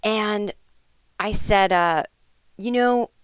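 A woman hosts a podcast, spinning an improvised comic story in a rambling, chatty style full of fillers and asides. Her voice sits at a medium pitch, smooth and echo-free, with drawn-out words.

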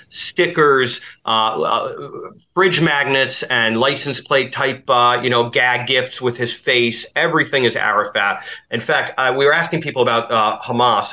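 A man's voice: mid-range voice, sharp tone, muffled recording. A man as a podcast guest, describing a trip at length and rambling with many fillers and restarts. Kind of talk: podcast interview.

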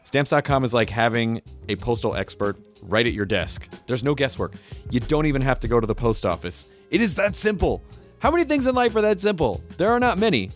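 A male podcast host with a lively, bouncing delivery that swings up and down as he reads sponsor spots and jokes around. His voice sits at an ordinary middle pitch, with a light music bed faintly behind him. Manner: playful, jokey, slips into a radio DJ voice. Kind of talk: casual podcast chat and ad reads.

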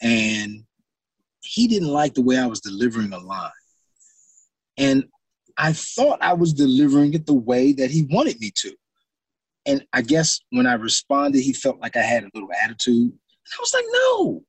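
A man's voice: mid-range voice, expressive, normal speed, long pauses, husky, dry recording. A middle-aged man, an actor, telling stories in an interview and acting out his own reactions. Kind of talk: interview storytelling.

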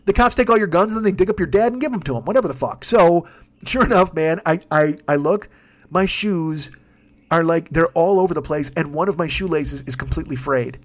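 A man hosting a podcast, telling a rambling comic story in a casual, swearing, animated way. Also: a little high, fairly quick. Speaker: podcast host. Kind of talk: comedic storytelling.

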